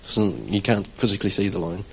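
A man's voice: lowish voice, a little fast, slightly rough, low-quality recording. A man, a church drummer, telling a conversational testimony to a congregation and acting out his own reactions. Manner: conversational, animated storytelling with acted-out quotes.

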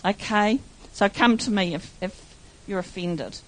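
A woman's voice: medium pitch, measured pace. An older woman, a pastor telling church stories in a rambling, emotional way. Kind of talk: church testimony.

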